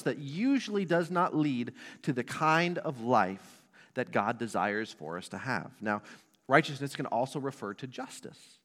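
A man's voice: a little high, a bit bright. A man in his thirties preaching a sermon to a church congregation, conversational and asking the room questions. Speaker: pastor. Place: church sanctuary. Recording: long reverb of a hall.

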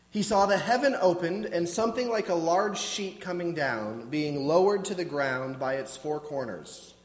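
A man preaching a conversational sermon with casual asides, often restarting his words. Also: sits high. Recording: echoey hall with long reverb.

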